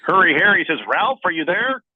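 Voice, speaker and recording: A man hosting a casual sports radio show, reading listener messages aloud in a jokey, lively way. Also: sits high, slightly rough, no room sound. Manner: jokey, lively, talks fast in spurts. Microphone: phone line into the studio. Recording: tinny phone line, dry.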